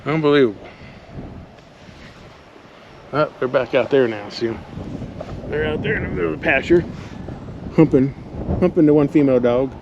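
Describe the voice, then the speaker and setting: A man's voice: mid-range voice, moderate pace, vocal fry, pauses often, dull audio, noisy background. Annoyed rancher ranting from his truck. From Texas. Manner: blunt, annoyed, rambling with many fillers. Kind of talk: ranting vlog to camera. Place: inside a pickup truck in the countryside.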